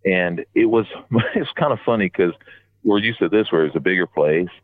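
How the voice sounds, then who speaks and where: A man telling a long, rambling story in casual chat, getting animated whenever he quotes other people. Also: low voice, normal speed, dry recording. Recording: tinny phone line.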